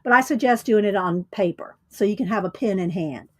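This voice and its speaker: A woman's voice: mid-range voice, brisk, dry recording. A woman hosting a casual livestream, chatting, greeting viewers and laughing often. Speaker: livestream host.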